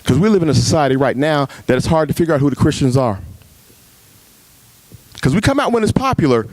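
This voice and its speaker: Man preaching a lively sermon. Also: fast talker, no echo. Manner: preaching with big pitch swings, acting out dialogue with God. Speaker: pastor. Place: retreat gathering room.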